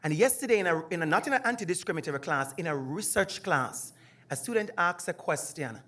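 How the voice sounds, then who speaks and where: A man's voice: fairly high pitch, lively intonation, fast, pushed and bright. A middle-aged man with a Jamaican accent, a university lecturer speaking emphatically and animatedly as he shares a personal story on a panel. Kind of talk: personal testimony at a panel discussion.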